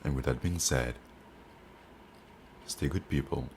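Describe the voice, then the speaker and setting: Very deep-voiced man reading letters slowly. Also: slight background noise. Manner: slow, halting reading with restarts. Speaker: book reader and commentator. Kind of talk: reading letters aloud with commentary.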